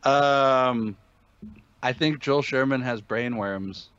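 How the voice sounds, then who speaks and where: A man's voice: medium pitch, slow pace, a bit bright, smooth, dry recording, highs cut off. A man talking sports betting in a casual podcast chat, emphatic and opinionated, with many fillers and restarts.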